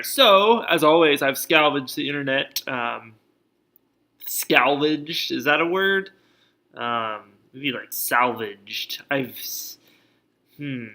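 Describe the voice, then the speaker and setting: A man's voice: medium pitch, sharp tone. A man hosting a casual celebrity gossip chat, reading news items aloud with joking asides. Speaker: vlog host.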